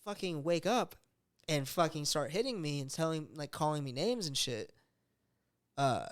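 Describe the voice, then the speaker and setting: A man's voice: a little high, animated, normal speed. A man telling a story in casual chat, swearing often and acting out voices in his quotes. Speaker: podcast host.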